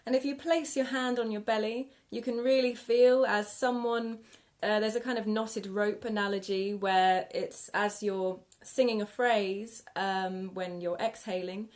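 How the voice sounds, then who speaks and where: A woman singing teacher guiding a live vocal warm-up lesson with gentle, encouraging instructions. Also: mid-range voice, steady tone, unhurried, hardly any pauses. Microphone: live video stream.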